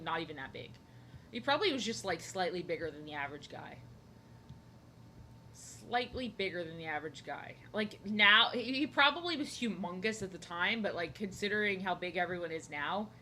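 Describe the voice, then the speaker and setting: A young woman talks while she draws at home, wandering from joke to joke and breaking off her own sentences. Her voice is bright and sits at a middling pitch. Faint noise hums underneath. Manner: rambling, jokey, self-interrupting. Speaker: art streamer. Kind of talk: casual chat while drawing. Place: home, seated at desk.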